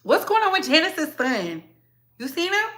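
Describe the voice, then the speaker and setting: A show host with a Southern US accent talks to her viewers in a loose, slangy, strongly opinionated way. Her voice is bright and sits a bit high for a woman. She keeps an animated, chatty commentary going. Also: normal speed. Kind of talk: casual commentary chat.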